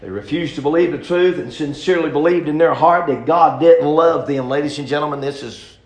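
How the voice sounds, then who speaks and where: A preacher man delivering a sermon in a folksy drawl, his voice sitting high for a man. His delivery climbs from easygoing talk into loud shouts. The sound comes from an echoey church room. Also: brisk.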